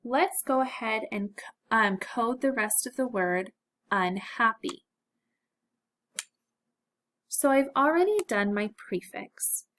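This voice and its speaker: A woman teaching a phonics lesson to children, speaking clearly and encouragingly. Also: a little high, animated, slow pace, pauses often, a bit bright.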